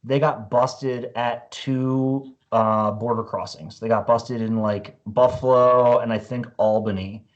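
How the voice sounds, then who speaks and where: A man's voice: mid-range voice, fairly even intonation, slow, hardly any pauses, lo-fi sound. A man in his forties, a guest musician, telling a story in a casual, profane way full of "like" and "you know.".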